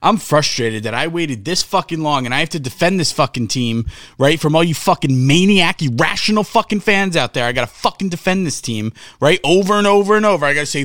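A man's voice: on the high side, lively intonation, a little fast, a bit bright, dry recording. A man co-hosting a sports podcast, ranting in a heated, profane casual chat. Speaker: podcast co-host.

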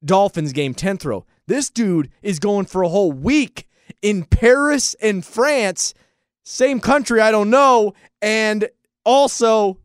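A radio co-host talks with high, bouncing pitch, riffing in casual banter. He throws himself into acting out other people's words, and his close mic sounds dry and clean. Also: slow pace, clear, resonant tone, dry recording. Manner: animated, laughing, acts out quotes.

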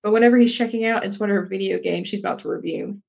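A woman's voice: medium pitch, racing, vocal fry, darkish tone, husky. Young woman gabbing on a podcast, lots of ums and laughs, kinda dull lo-fi audio. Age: young adult. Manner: chatty, lots of fillers and laughs. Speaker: podcast co-host. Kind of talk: casual chat.

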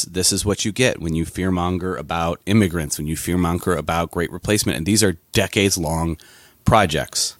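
A man's voice: low voice, dry recording, clean studio sound. A man co-hosting a political podcast, talking with passion and often restarting his sentences. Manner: impassioned, with frequent restarts and fillers. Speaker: podcast co-host.

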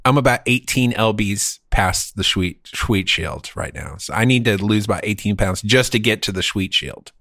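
A man's voice: fairly low pitch, normal speed, vocal fry, few pauses, bright, forceful tone, no room sound. A man hosting a podcast, joking and self-deprecating in casual chat from a home studio. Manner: joking, self-deprecating, drawls a mock artist catchphrase. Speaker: podcast host.

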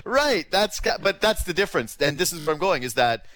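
A man with a Canadian accent co-hosting a sports radio show, talking animatedly in quick bursts and acting out imagined quotes. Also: fairly high pitch, sing-song, a bit bright, dry recording. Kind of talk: casual sports talk.

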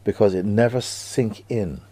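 A man giving a spiritual talk to students, slow and hushed with sudden emphatic rises, and slightly non-native grammar. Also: fairly low pitch, slight background noise. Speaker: spiritual teacher.

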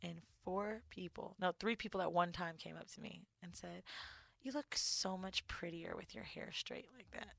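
A woman's voice: fairly low pitch, moderate pace, creaky, dry recording. A young woman co-hosting a podcast, telling an emotional story in candid casual chat, swearing freely and acting out what others said to her. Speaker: podcast co-host.

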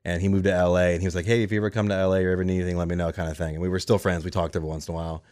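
A man in his thirties with a low voice tells his career story at a quick clip. He slips into animated voices when he quotes people. The sound is dry and close. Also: no room sound. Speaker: radio show cast member. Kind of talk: conversational storytelling.

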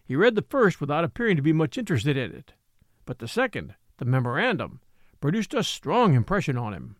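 A man narrating a classic novel in a measured, expressive reading. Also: on the high side, dry recording, clean studio sound. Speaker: audiobook narrator. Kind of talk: scripted narration.

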